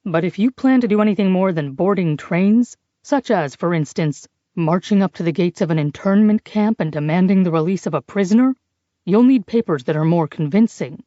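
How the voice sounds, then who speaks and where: A woman voicing a brisk, condescending man in an audiobook who talks over others. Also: on the low side, expressive, dark tone, dry recording, lo-fi sound, natural voice. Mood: dry, condescending. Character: sharp-witted brisk man, a forger. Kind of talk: audiobook character voice.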